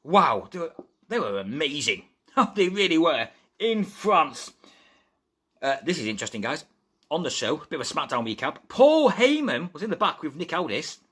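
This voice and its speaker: A chatty man hosts a live wrestling news stream from home, calling his viewers "guys" and getting excited over every story. His voice is bright and forward, with a pitch that swings up and down a lot. He is feverish, but he keeps the talk going. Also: moderate pace, slightly rough. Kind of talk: casual wrestling news chat.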